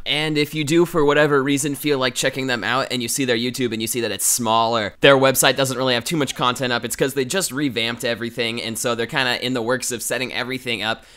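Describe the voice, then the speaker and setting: A young man who runs a gaming channel, telling a story casually and acting out the people in it with big jumps in his voice. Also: clear, resonant tone. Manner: animated, acts out quoted voices with big pitch jumps.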